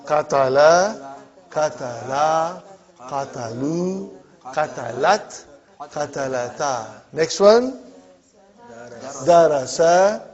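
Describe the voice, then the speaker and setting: A man's voice: a little high, darkish tone. A man teaching an Arabic grammar class, drilling verb forms aloud and checking in with his students. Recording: dull lo-fi classroom recording.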